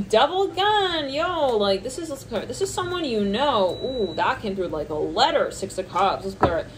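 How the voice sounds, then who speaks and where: A woman's voice: slight background noise, low-quality recording. A woman doing a channeled tarot reading, thinking aloud between card names, laughing often and squealing when she quotes people. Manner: squeals high-pitched reactions when quoting people. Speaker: tarot reader.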